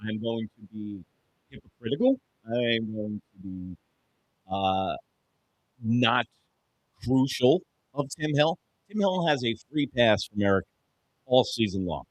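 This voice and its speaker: A man hosting a live baseball fan stream, telling profane stories and breaking off to call plays excitedly. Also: medium pitch, slow pace, pauses often. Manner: animated, profane storytelling with excited play calls. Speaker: host of a fan sports show.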